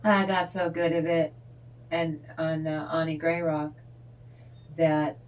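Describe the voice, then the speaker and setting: Woman tarot host, slow and rambling; a lower voice, unhurried chat to her viewers. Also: flat delivery, a little hiss or hum. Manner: rambling, chatty and wandering off topic. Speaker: tarot reader and channel host. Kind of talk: casual spiritual talk to viewers.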